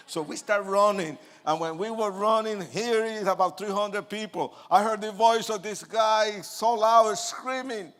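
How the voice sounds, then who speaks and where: A man's voice: sits high, normal speed, few pauses. An older man from Puerto Rico telling his life story dramatically to an audience, acting out quoted lines and joking with listeners. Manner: acts out quoted lines, swings from hushed to loud; jokes with the audience. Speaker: speaker giving his testimony.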